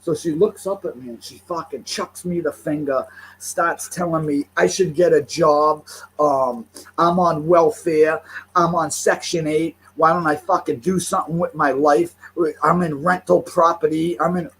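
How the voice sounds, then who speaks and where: A man's voice: on the high side, unhurried, husky, poor audio. Fired-up, foul-mouthed older New man. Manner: swears constantly, heated and animated. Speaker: vlogger. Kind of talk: profane storytelling rant. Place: at home by his window.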